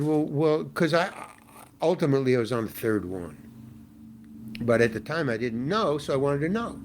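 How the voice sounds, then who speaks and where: Older male actor, rambling and exasperated, pitch swinging widely, voice sitting a bit high. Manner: animated, rambling, frequent restarts, exasperated asides. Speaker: guest actor. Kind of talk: casual interview storytelling.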